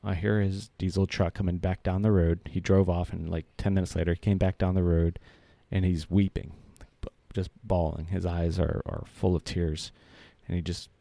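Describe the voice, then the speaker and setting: A man's voice: sits low, creaky, mellow, dry recording. A man in his thirties telling a personal story in a casual, earnest way, rambling with many fillers and restarts.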